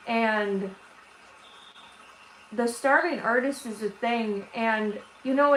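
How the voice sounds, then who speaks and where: A woman hosting a casual art livestream for her viewers, tearful, talking in a halting, emotional way with many restarts. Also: fairly high pitch. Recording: roomy echo with faint background noise.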